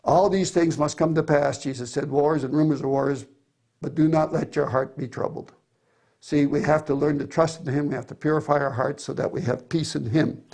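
A man's voice: fairly high pitch, steady tone, moderate pace, gravelly, darkish tone. A middle-aged man preaching a sermon, reading scripture with earnest emphasis.

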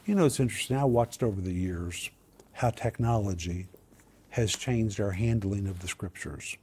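A man's voice: lowish voice, normal speed, dark tone, slight background noise. A man teaching on Bible verses and word meanings, growing emphatic on key points. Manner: emphatic, builds to a raised voice on key words.

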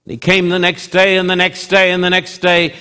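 A man preaching a sermon, swinging from loud emphasis to hushed drops, with slow, deliberate, repetitive phrasing. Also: high voice, completely flat delivery, clean tone.

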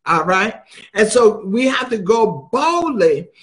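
Preacher: man with a very high voice, emphatic, drives points home by repeating them. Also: sing-song, slow pace, a bit bright. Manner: emphatic, repeats phrases for stress. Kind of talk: sermon.

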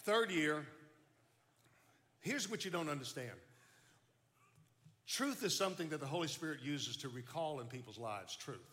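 An older man telling his life story as a testimony, folksy and animated, often restarting his words. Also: fairly high pitch, moderate pace, pauses often. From Baton Rouge, Louisiana. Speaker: speaker giving testimony. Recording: long hall reverb.

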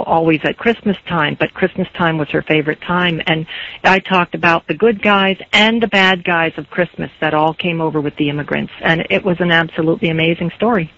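A woman storyteller with a faint Pennsylvania Dutch tinge, chatting in an interview and telling anecdotes in a lively way. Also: fairly low pitch, no room sound. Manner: lively, anecdotal, quick asides. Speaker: storyteller, guest. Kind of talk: casual interview chat. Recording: dull lo-fi dry recording.

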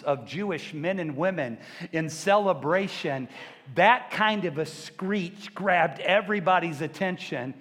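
A man preaching a sermon as pastor, animated and joking, now and then acting out loud shouts. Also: on the high side, moderate pace, long reverb tail.

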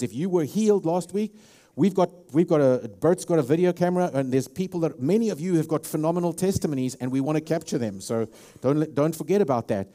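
A man's voice: a little high, warm tone. A man with a South African accent preaching a sermon as a pastor, emphatic and full of restarts and repeated words. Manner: repetitive, emphatic, with many restarts.

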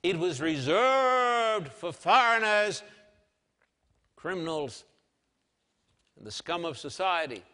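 Man, preacher, dramatic sermon, loud-to-hushed swings, bright voice, long hall reverb. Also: high voice, very animated, slow, pauses often. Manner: emphatic, swings between loud declarations and hushed softness. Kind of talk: dramatic sermon with scripture reading.

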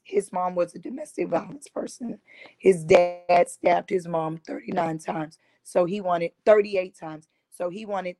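Woman, forties or older, advocate giving personal testimony; lowish, dry, earnest. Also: mellow, no room sound, poor audio. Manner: earnest retelling, quoting others with "I said". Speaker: domestic violence survivor and advocate.

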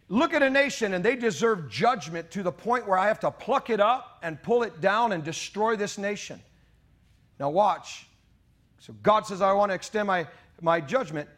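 A man preaching a sermon as pastor, in an impassioned style that climbs into shouting. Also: sits high. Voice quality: mock British voice for God's words.

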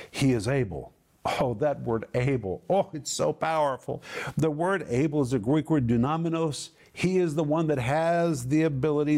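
A man giving a Bible teaching, explaining Greek word meanings and stretching key words slowly for emphasis enfático. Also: mid-range voice, darkish tone.

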